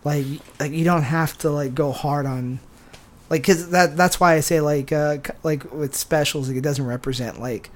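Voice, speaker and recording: Rambling, filler-heavy comedian, slightly high voice. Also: male voice, moderate pace. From San Diego, USA. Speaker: stand-up comedian, guest. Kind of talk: casual podcast chat.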